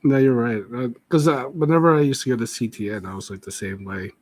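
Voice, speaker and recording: A man hosting a casual art podcast, chatty and quick to laugh, often trailing off mid-sentence. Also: medium pitch, darkish tone, a little hiss or hum. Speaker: podcast host. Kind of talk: casual chat.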